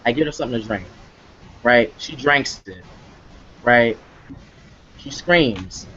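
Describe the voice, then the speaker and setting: A man's voice: mid-range voice, a bit bright, muffled recording, slight background noise. Emphatic man hosting a live webcast. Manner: emphatic, repetitive, tag questions. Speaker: webcast host. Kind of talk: live motivational webcast talk.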